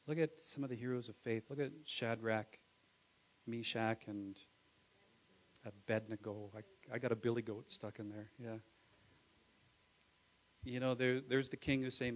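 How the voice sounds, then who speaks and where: A male pastor preaching a live Sunday sermon in church, swinging from loud exclamations to hushed asides and calling "Amen?" to the congregation. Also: medium pitch, fairly even intonation, unhurried, pauses often, poor audio. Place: church sanctuary.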